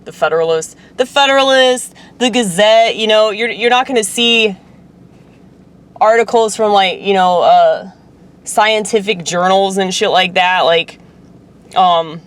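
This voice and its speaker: Talking to camera in a loose, rambling monologue, this woman vlogger curses freely and leans on fillers. Her mid-range voice is clear and resonant, fairly even in intonation, and she speaks slowly with long pauses.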